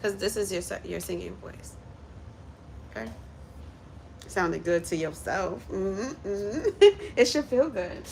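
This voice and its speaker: A woman chatting casually on a livestream from her kitchen while cooking, coaching viewers step by step through a quick singing lesson in an encouraging way. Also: fairly low pitch, vocal fry, slight background noise. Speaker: content creator and vocal coach.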